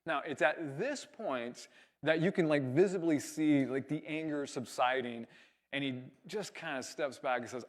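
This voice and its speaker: A young man from California preaching a sermon, telling a story with lively acted-out dialogue. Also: fairly high pitch, normal speed. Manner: animated storyteller, acts out quoted dialogue. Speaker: pastor.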